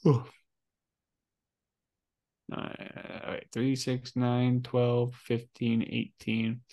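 A man's voice: medium pitch, completely flat delivery, very slow, mellow. A man co-hosting a casual podcast, reading trivia questions aloud and hesitating often with fillers. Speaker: podcast co-host.

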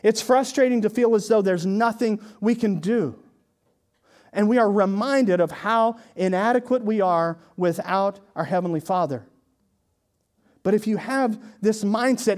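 A male pastor preaching a sermon in a conversational way, with sarcastic asides, swinging from hushed lines to emphatic ones. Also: high voice, unhurried, faint music behind.

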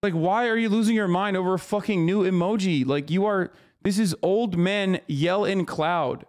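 A man with a high, light voice rants at clips on his stream. He swears constantly, stumbles through fillers and restarts, and sounds fed up. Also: moderate pace, darkish tone. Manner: exasperated, swears a lot, many fillers and restarts. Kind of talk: profane reaction rant.

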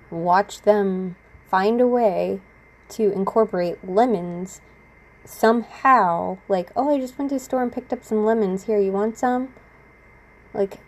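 With a gravelly, darkish mid-range voice, the young vlogger shares her experiences in a relaxed talk to the camera. Frequent laughter punctuates her stories, and she mimics the words of the people involved.

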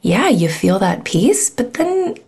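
Gravelly-voiced woman podcast host. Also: medium pitch, sing-song, slow, a little mellow. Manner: candid, chatty, sometimes drops to a whisper. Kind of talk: personal storytelling monologue.

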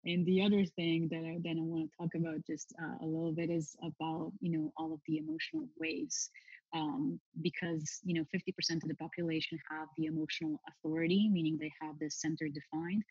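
A woman's voice: low-pitched, brisk, creaky, a little mellow, husky, no room sound. A woman hosting a casual interview, asking long, winding questions full of fillers. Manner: loose and meandering, many fillers, asks long winding questions. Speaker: host. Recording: dull lo-fi, dry sound.

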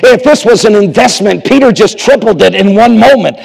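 A man preaching a revival sermon in a dramatic style, dropping from loud bursts to hushed tones as he acts out the scripture. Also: high voice, fairly quick, creaky, big-room sound.

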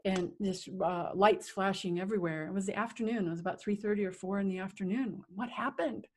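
A middle-aged woman, an interview guest, telling a personal story in a vivid, animated way that acts out sounds and quotes. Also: mid-range voice, brisk, a little hiss or hum.

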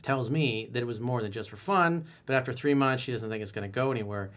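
A man giving blunt dating advice, reading a listener's letter aloud and reacting to it, acting out lines with sudden soft asides. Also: medium pitch, fast talker. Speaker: dating coach.

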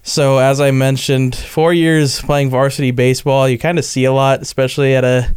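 A man's voice: medium pitch, moderate pace, clean tone. A young man from the Las Vegas area, co-hosting a podcast and telling a funny story in casual chat, acting out his friends' lines. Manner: animated storyteller, acts out quoted friends. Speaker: podcast co-host.

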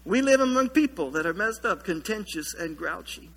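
A man preaching a sermon as pastor in a church, telling a story with lively humor. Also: high-pitched, moderate pace, creaky, long reverb tail. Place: church sanctuary.

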